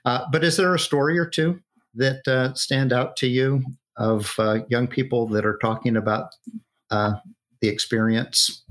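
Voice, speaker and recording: A man hosting an interview, asking long, halting questions with many pauses. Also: mid-range voice, steady tone, a bit bright. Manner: hesitant, many fillers. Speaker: interview host. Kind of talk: conversational interview.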